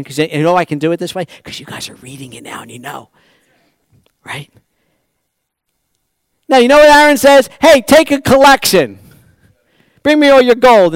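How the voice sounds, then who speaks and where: A man with a high, smooth, resonant voice preaches a sermon, recorded dry and close. He keeps asking his congregation rhetorical questions. He swings between hushed asides and loud, emphatic stretches. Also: dry recording. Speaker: pastor.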